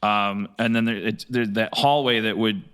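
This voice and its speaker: A man narrating a tabletop game as game master, making up the scene as he goes and pausing often to find his words. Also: lowish voice, fairly even intonation, fairly bright tone, smooth. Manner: halting, searching for words.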